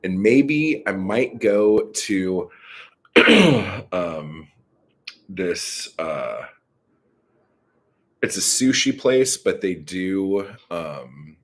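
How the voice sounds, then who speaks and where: A man's voice: low-pitched, big pitch swings, very slow, pauses often. A man hosting a live stream, rambling casually and profanely with many fillers.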